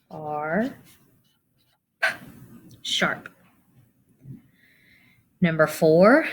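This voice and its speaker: A woman teacher walks children through a spelling lesson, slowly sounding out each letter. Her voice sits a little low, and her pace is unhurried and deliberate. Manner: slow, sounding out letters one by one.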